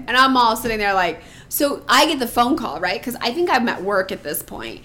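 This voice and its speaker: A woman's voice: a little high, sing-song, normal speed, few pauses, sharp tone. A middle-aged woman co-hosting a podcast, telling family stories in a blunt, profane, casual way. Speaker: podcast co-host. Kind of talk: casual chat.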